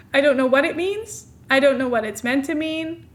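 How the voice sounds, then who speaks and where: A woman's voice: high-pitched, unhurried. A young woman streamer chatting casually, giggling often and poking fun at herself. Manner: giggly, self-mocking, chatty. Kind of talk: casual live-stream commentary.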